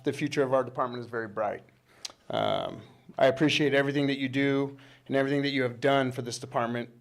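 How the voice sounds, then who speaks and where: Male superintendent, mid-pitch, plain and slightly uneasy speaking at a public meeting. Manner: plain-spoken, a little awkward. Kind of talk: public remarks at a board meeting.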